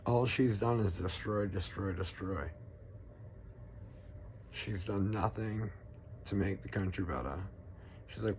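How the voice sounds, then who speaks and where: A man's voice: fairly low pitch, unhurried, a little mellow, a little hiss or hum. A man in his forties delivering an angry, profane, rambling political rant. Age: 40s. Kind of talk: ranting monologue.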